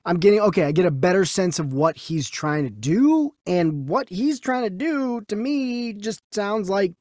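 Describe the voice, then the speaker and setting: A man co-hosting a casual movie news podcast, talking in an animated way with frequent restarts. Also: sits high, moderate pace, few pauses, no room sound, studio quality. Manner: animated, many restarts and quoted voices. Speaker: podcast co-host.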